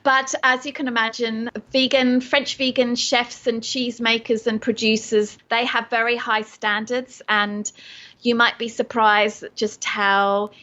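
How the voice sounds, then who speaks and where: A woman's voice: on the high side, level tone, measured pace, pushed and bright, lo-fi sound. A middle-aged woman with an English accent and some Australian touches, chatting enthusiastically as an interview guest and laughing often. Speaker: guest, vegan tour operator. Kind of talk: casual interview chat.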